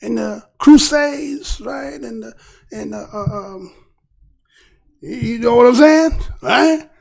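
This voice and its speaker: A man's voice: very high voice, vocal fry. A man hosting a casual commentary show, talking in a heated way and firing off repeated rhetorical questions.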